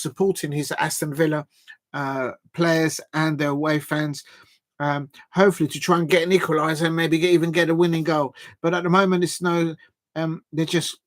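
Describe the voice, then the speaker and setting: A man giving live football watch-along commentary. He is chatty and excitable, talking to his viewers between bursts of play-by-play. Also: on the high side.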